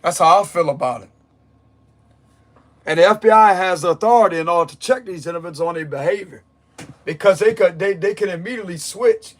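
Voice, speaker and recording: A high-voiced man speaks fairly quickly in a tarot reading monologue that is blunt and insistent. He repeats himself for emphasis, his voice strained.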